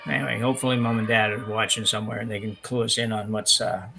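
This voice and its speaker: A man calling a curling game with relaxed, rambling chat, often correcting himself. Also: on the low side, fast, gravelly, noisy background. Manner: chatty, rambling, self-correcting. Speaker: curling commentator. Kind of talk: live sports commentary, casual chat. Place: curling club, indoors.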